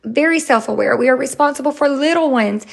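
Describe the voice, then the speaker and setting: A woman, hosting a podcast in a chatty, expressive way. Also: high voice, brisk, creaky, husky. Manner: chatty and expressive, bursts into loud acted quotes. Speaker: podcast host. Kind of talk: casual solo podcast talk.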